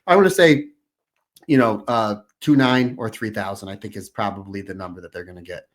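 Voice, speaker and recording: A man's voice: lowish voice, fairly quick. A man co-hosting a casual podcast, friendly and conversational, often saying "you know". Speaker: podcast co-host.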